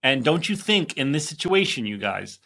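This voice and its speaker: Bright-voiced eager man host. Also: medium pitch, very animated, moderate pace, creaky. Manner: eager, talks over others, repeats himself. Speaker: podcast host. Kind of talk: casual chat.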